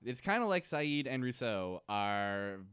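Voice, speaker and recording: Male podcast co-host, mid-pitched, smooth and dry, breezy recap with character impressions. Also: sing-song, a bit bright, no echo. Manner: retells scenes, acting out characters' lines in quick voices. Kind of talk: casual episode recap.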